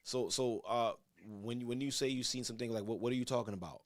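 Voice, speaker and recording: A man's voice: medium pitch, steady tone, fast talker, dry recording. A man hosts a church call-in show, his voice in a middle range. He stammers and repeats words while he preaches to the caller. The recording sounds dry and close. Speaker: church elder host. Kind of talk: religious call-in talk.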